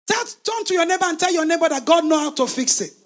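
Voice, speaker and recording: Male preacher, very high voice, shouting, sing-song cadence, fiery sermon. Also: lively intonation, fast.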